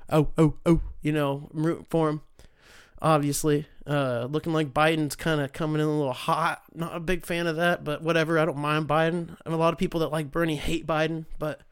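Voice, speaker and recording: A man's voice: on the high side, flat delivery, fairly quick, clean tone, no room sound, clean studio sound. Profane rambling young man. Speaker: podcast host. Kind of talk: casual solo commentary.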